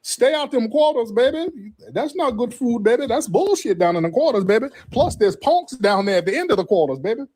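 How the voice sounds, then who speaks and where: A man voicing a sassy New Orleans local woman who warns tourists and calls everyone baby in a high voice. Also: animated, fairly quick, hardly any pauses, darkish tone. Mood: sassy warning.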